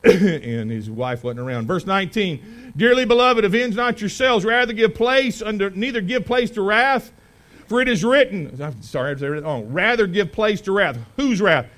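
A man preaching a sermon to his church, folksy and conversational, swinging between loud emphasis and quiet asides. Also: sits high, poor audio. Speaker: pastor. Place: church sanctuary.

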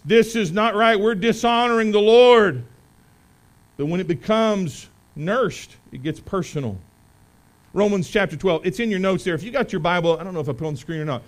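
A pastor with a high, bright-sounding voice preaches to his congregation in a folksy, chatty way. He rises into loud, forceful emphasis, then drops back to quiet, offhand asides. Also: low-quality recording. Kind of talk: sermon. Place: church sanctuary.

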